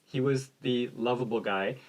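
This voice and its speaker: A man's voice: mid-range voice, normal speed. Married man telling dry stories. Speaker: podcast co-host. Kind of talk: casual movie review chat.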